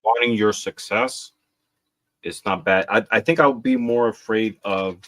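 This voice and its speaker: A man with a fairly low voice hosts a relaxed podcast conversation. He reads out quiz questions with playful flair and answers his guest with calm encouragement. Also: unhurried, no room sound. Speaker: podcast host. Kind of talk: conversational interview.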